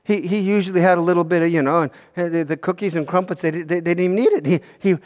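A man telling a story to children in an animated, halting way, often repeating words. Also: high voice. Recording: hall reverb.

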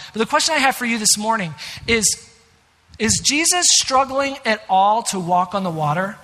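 A man's voice: high voice, sharp tone. A man preaching a sermon as pastor, earnest and emphatic, with conversational asides. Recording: reverberant hall.

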